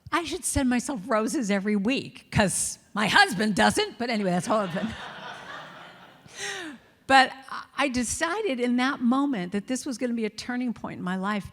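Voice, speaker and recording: A woman's voice: fairly high pitch, normal speed. Self-mocking woman telling stories in a hall. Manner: lively, self-mocking storytelling that acts out her inner voice. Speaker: guest speaker. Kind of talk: storytelling talk to a congregation. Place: large reverberant church hall. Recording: long hall reverb.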